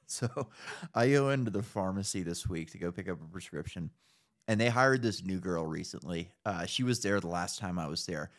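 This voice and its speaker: A man's voice: sits low, expressive, normal speed. Profane ranting man telling stories. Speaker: podcast co-host. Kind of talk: casual chat.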